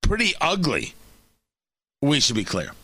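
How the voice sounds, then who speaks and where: Animated, sarcastic talk radio man. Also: a little high, measured pace, breathy edge, dry recording. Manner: sarcastic, emphatic, repeats and restarts phrases. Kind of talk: opinionated radio commentary.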